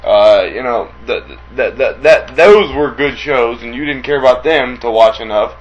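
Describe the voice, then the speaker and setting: A man's voice: mid-range voice, normal speed, lo-fi sound. A man co-hosting a casual wrestling talk show, arguing sarcastically, swearing, and reading out listener questions. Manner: reads listener questions aloud. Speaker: co-host. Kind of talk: casual podcast banter.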